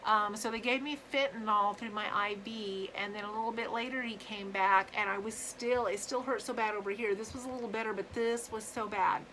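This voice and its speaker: Bright-voiced woman telling her story. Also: medium pitch, fairly even intonation, a little hiss or hum, low-quality recording. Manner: earnest, halting, with many fillers and restarts. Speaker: vlogger sharing her own story. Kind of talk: personal storytelling to camera.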